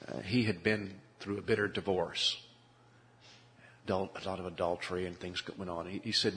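A man's voice: deep voice, level tone, moderate pace, fairly bright tone. A man preaching a sermon, earnest and pleading, often repeating his words. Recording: long hall reverb.

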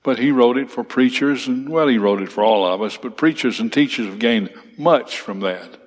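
This Bible class teacher has a medium-pitched voice and talks at a normal speed. He reads passages aloud and explains them emphatically, driving ideas home through repetition in an expository lecture. It's recorded in a church classroom with slides, under long hall reverb.

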